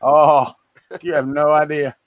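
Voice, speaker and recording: A man's voice: on the high side, level tone, unhurried, no echo, dull audio. A man from Florida with a Southern accent, co-hosting a livestream in casual, teasing, rambling chat. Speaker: co-host of a livestream.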